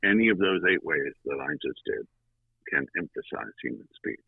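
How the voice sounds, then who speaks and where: A man guesting on an interview show, telling a story in a lively conversational way with dramatic pauses. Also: extremely low pitch, creaky, breathy edge, no room sound. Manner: animated, with dramatic pauses and fillers. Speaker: guest, audiobook narrator. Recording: tinny phone-like line.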